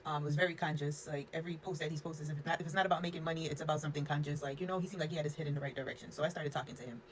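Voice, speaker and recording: Young woman, low voice, frank casual storytime, filler-heavy, faint background hiss. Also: fairly even intonation, rapid-fire. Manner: frank, unfiltered, sprinkles in "like" and cussing. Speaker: storyteller vlogger.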